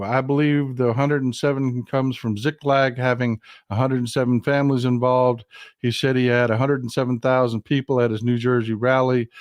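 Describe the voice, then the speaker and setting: A man's voice: mid-range voice, no echo, studio quality. A man hosting a political commentary livestream, talking emphatically, repeating himself and restarting his sentences.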